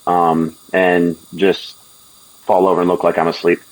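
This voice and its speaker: A man's voice: low-pitched, level tone, unhurried, low-quality recording. A man playing a rogue in a tabletop game, hesitant and thinking aloud with many fillers. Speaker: player.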